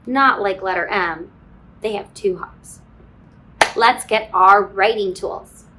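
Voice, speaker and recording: A woman teaching a phonics lesson to kindergarten children, slow and sing-song, encouraging, with playful sound effects. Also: mid-range voice, noisy background. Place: classroom.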